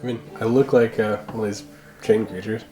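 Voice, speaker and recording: A man's voice: on the low side, steady tone, brisk, echoey room, music in the background. A man playing in a tabletop game, talking hesitantly with fillers and restarts. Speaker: player. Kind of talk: casual tabletop game play.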